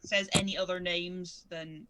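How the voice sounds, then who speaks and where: A woman's voice: lowish voice, little pitch movement, a little slow, noisy background. Woman, tabletop player, tentative, trailing off. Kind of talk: casual tabletop game chat.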